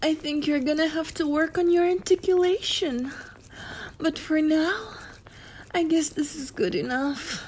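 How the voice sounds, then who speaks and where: High-voiced woman doing whispered role-play, super slow and teasing, bit of vocal fry. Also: slight background noise. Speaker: audio role-play performer.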